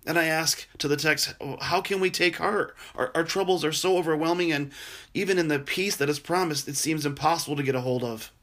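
Earnest male pastor preaching gently. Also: a little high, fairly quick. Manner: earnest, gentle, dropping soft and quiet for tender passages. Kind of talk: sermon.

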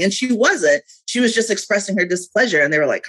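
A woman's voice: mid-range voice, lively intonation, fast talker, fairly bright tone, slightly rough. A woman with an ordinary mid-range voice talks through her points as a podcast co-host. She speaks earnestly and leans on "like" as she thinks aloud. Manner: earnest, frequent "like" fillers. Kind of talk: casual chat.

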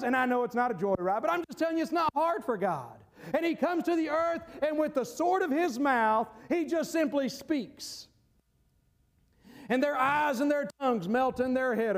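A male preacher with a very high voice delivers a sermon. He is emphatic, laughs between points and rises to shouts.

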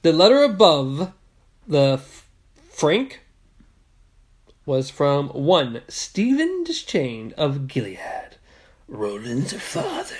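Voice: mid-range voice, drawn-out words, pauses often, slightly rough. A co-host casually reading a novel aloud, with playful asides. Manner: lively, playful whispered asides.

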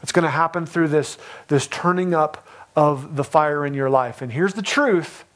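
A man in his thirties preaching a sermon with passion, voicing pleas in a rising, loud voice and repeating his phrases. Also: fairly high pitch, moderate pace. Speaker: pastor.

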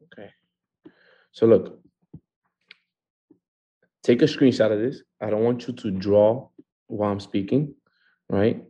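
A man's voice: on the low side, takes it slowly, long pauses, dark tone, husky, muffled recording. A man hosting a live online training call from a home, talking in an upbeat way and repeating words for emphasis. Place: a home in California.

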